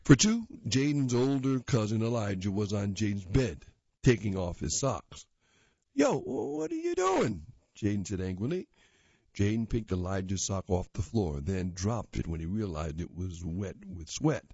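A man with a low, husky, mellow voice reads a magazine story aloud at a plain, unhurried pace. The recording is dull and lo-fi, and the room is dry. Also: no echo. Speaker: reader.

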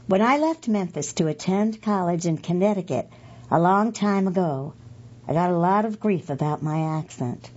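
Lady slowly reading a magazine out loud, kinda husky, muffled lo-fi sound. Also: lowish voice. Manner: slow, careful reading with hesitant fillers and self-corrections. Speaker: reader of a magazine aloud. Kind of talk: reading aloud and describing photos.

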